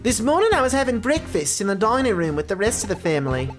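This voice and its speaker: A woman's voice: medium pitch, big pitch swings, fast, faint music behind, voice pushed up, close to an everyday voice. A woman voicing a gracious, wealthy lady of the house in a put-on mix of British and Australian accents, reading game dialogue aloud. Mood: composed. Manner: lofty, polite hostess tone.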